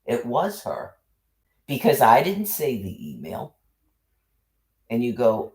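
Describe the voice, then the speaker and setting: A man's voice: medium pitch, big pitch swings, measured pace. A man ranting into his livestream in an agitated monologue, cursing heavily and repeating himself as he piles up accusations.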